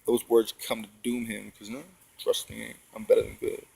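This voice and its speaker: A man's voice: fairly low pitch, little pitch movement, a little fast, vocal fry, a little mellow, breathy edge, dry recording, poor audio. Rambling, profane man telling a personal story. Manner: meandering, profane, heavy on fillers and tag questions. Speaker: storyteller recounting spiritual experiences.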